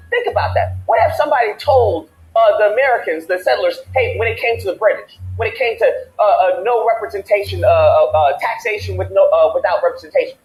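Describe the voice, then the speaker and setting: Animated man telling a heated story. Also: high voice, roomy sound, poor audio. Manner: animated, reenacts both sides of arguments. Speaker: podcast host.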